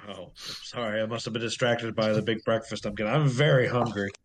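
A man's voice: on the low side, steady tone, brisk, echoey room, slight background noise. A man playing a tabletop game, teasing wryly. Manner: wry, teasing. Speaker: player.

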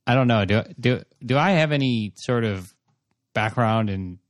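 A man's voice: medium pitch, moderate pace, no room sound. A man playing his character in a tabletop game, bumbling and hesitant. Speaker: player.

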